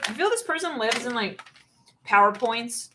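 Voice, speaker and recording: A woman giving a channeled tarot reading, animated and acting out quoted voices as she goes. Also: a little high, moderate pace, noisy background. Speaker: tarot reader.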